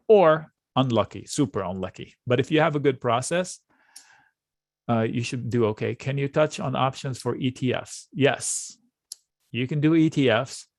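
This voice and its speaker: A man teaching options trading in a live session, lively and full of rhetorical questions and quick asides. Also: mid-range voice, dry recording, studio quality.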